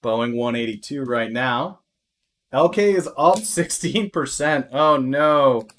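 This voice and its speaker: Male market streamer, mid-pitched, rambling and filler-heavy, with mock-panic outbursts and crude asides. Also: expressive, unhurried. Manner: chatty, thinking aloud with many fillers; swings into loud exaggerated alarm. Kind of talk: live-stream market commentary.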